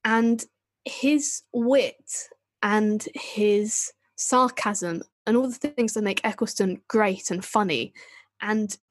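A woman's voice: mid-range voice, slow. Enthusiastic woman podcast co-host. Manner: enthusiastic, self-deprecating. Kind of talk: casual chat about a TV show.

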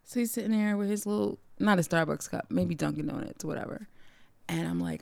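Gravelly low woman telling a profane story. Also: normal speed, no echo. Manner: animated, profane, acts out quoted dialogue. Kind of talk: casual storytelling chat.

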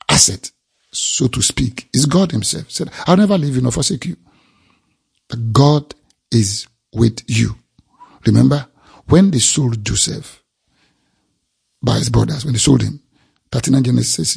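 A man's voice: medium pitch, gravelly, a little mellow, slightly rough. A man preaching a sermon, emphatic and repeating key phrases for effect.

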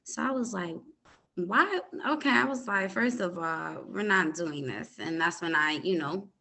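A young woman hosts her own podcast and tells a personal story in a calm, halting way, with frequent fillers. Her voice sits a little low in pitch and has a bright, forceful tone. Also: vocal fry. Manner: calm, hesitant retelling with many fillers. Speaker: podcast host.

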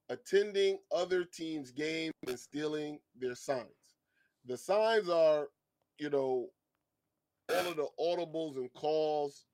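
A man's voice: mid-range voice, a little mellow, no echo, poor audio. A man co-hosting a casual sports podcast, blunt and filling his explanations with ums. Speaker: podcast co-host.

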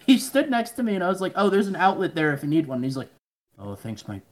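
A man's voice: sits high, sing-song, very fast, slight background noise. Profane rambling man telling stories. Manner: profane, rambling, acts out quoted people in mumbly voices. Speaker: podcast guest. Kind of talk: casual storytelling chat.

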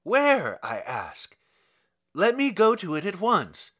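Man doing a shrill, excitable noseless official. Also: a little slow, heavily acted. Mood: excited. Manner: excited, exclaiming.

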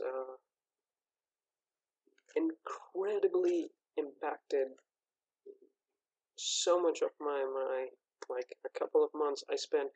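A man hosts his own movie podcast, rambling casually and circling back with fillers and restarts. His voice sits a little high and moves at an unhurried, drawn-out pace. The sound is close and dry. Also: gravelly, darkish tone, no room sound, rough recording. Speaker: podcast host. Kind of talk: casual solo podcast talk.

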